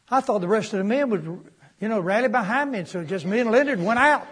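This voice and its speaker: A preacher tells a story from the pulpit in a folksy, animated way, with a touch of humor. His voice is high for a man and husky. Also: very fast. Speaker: pastor. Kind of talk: storytelling sermon.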